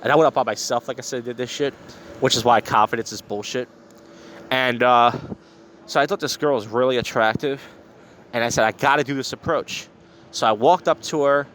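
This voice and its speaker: A tipsy podcast host, slurring slightly, tells stories outdoors on a street in a blunt, profane, bitter casual monologue. His voice is mid-range, a little fast, and fairly bright, with faint street and traffic noise behind him.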